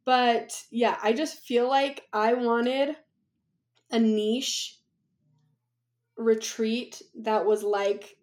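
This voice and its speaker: Chatty woman, fairly high voice. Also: fairly even intonation, extremely slow, long pauses, a little mellow. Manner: chatty, rambling, laughs often. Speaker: podcast guest. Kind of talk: casual conversation.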